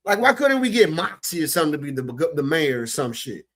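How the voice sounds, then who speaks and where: A man rants in casual reaction commentary, profane and incredulous, sounding thoroughly exasperated. His voice sits a little higher than most men's. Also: big pitch swings, fairly quick, vocal fry, fairly bright tone.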